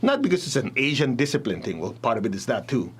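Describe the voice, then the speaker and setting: A man's voice: medium pitch, fast, slight background noise. A man teaching a spiritual talk, telling stories animatedly and speaking straight to his audience. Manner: animated storytelling, addresses audience directly.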